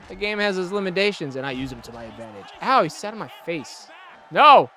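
A man commentating his own wrestling video game play, excitable and profane, trash-talking his opponent, groaning at hits and yelling when things go wrong. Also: high voice, a little fast, some chatter behind. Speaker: gameplay commentator.

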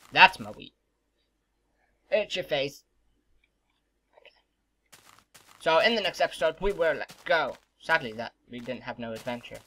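A young man giving casual, excitable gameplay commentary as a gaming video host, swearing and shouting at the game's monsters. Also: mid-range voice. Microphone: desk microphone.

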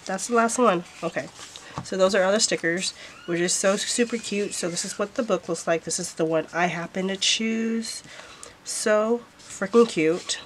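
A woman's voice: mid-range voice, normal speed, a little hiss or hum. A woman vlogger showing off planner stickers in a casual haul, gushing and repeating how cute everything is.

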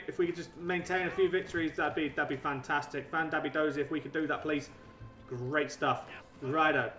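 An excitable young man gives let's-play commentary, laughing and muttering to himself as he goes. His voice sits high, a little off the mic in a roomy space. Faint game music plays underneath. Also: recorded from a distance. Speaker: gaming channel host.

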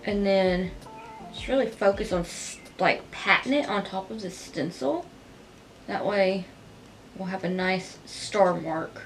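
Chatty woman narrating a makeup tutorial. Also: mid-range voice. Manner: chatty, gushing, gentle, talks through each step. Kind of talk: casual step-by-step tutorial narration.

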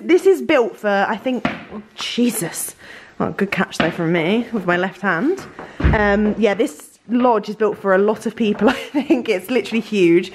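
A young Englishwoman talks straight into a handheld camera in a giddy, gushing vlog. She laughs often. Her voice sits in a middle register, and a faint hiss runs under the recording. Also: medium pitch. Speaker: vlogger. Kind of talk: excited casual vlog. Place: large holiday lodge indoors.

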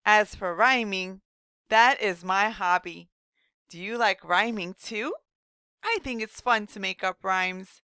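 A woman's voice: mid-range voice, smooth, dry recording, studio quality. Doctor Wellbody, a woman playing a cheerful rhyming doctor. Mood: friendly. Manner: slow, gentle teacherly explaining to young children. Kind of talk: scripted read-aloud lesson.

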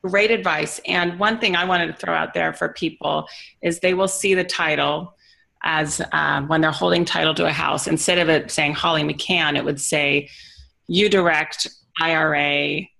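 A woman's voice: sits low, steady tone, normal speed, vocal fry, pushed and bright. A woman hosting a podcast interview, asking questions in an upbeat, affirming way. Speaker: podcast host.

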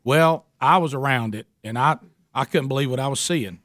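With a mid-range voice at normal speed, a man in his 40s hosts a radio talk show and tells a comic story, acting out the voices of its characters. The sound is dry and clean, straight from the studio.

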